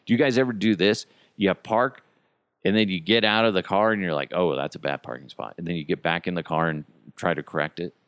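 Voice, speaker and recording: A fairly quick, low, smooth male voice, a little bright, comes through clean studio audio with no echo. The middle-aged podcast host rants about everyday nuisances, swearing freely, chuckling, and venting his exasperation.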